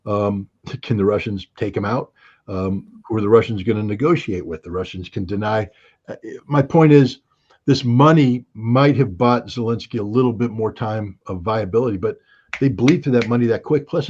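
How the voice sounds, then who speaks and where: Blunt husky man on a muffled line. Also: on the low side, a little mellow. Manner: blunt, sardonic, emphatic. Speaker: guest commentator. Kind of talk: livestream geopolitics discussion.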